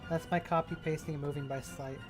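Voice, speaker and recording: A man's voice: on the high side, fairly even intonation, fast talker. Male map maker, casual mumbled commentary, thinks aloud, faint music and typing behind. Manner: mutters and thinks aloud, trailing off. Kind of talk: casual commentary while working.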